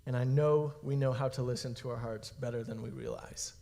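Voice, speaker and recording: Youth pastor preaching casually in a reverberant hall. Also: male voice, medium pitch, fairly even intonation, a little fast, vocal fry, mellow. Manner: casual, conversational preaching with frequent "okay?" and "guys". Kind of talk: youth sermon.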